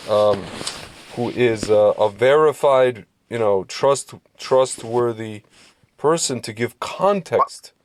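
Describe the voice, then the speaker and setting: A man rambling through a casual podcast chat at an ordinary mid pitch, full of fillers and restarts. He keeps breaking off to mimic the people he talks about in mocking voices. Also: takes it slowly, darkish tone, slight background noise. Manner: does mocking voices when quoting people. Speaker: podcast co-host.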